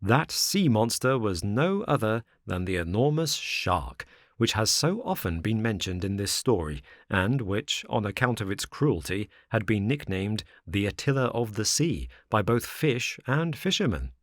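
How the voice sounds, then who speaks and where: A man narrating a children's classic as an audiobook in an expressive, measured storytelling manner. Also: lowish voice, no echo, studio quality.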